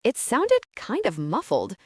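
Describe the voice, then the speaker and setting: A woman's voice: a little high, wildly swooping pitch, slow pace, a little mellow, slightly rough, no echo, studio quality, voice pushed up, heavily acted. Field: sarcastic teen girl, read by a woman. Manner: sarcastic, snappy. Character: sixteen-year-old girl, sarcastic and irritable. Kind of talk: audiobook character voice.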